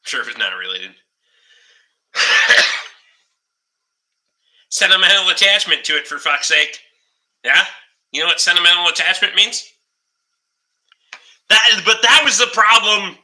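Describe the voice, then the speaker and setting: A man's voice: high-pitched, animated, measured pace, long pauses, pushed and bright, low-quality recording. A man telling rambling shop stories in casual podcast chat, swearing constantly and laughing as he goes. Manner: laughs through his stories. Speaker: podcast host.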